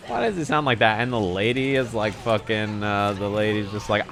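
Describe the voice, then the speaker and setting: Man, streamer, rambling, profane, bright voice, slightly low. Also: normal speed, gravelly, few pauses. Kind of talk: casual live-stream chat while playing.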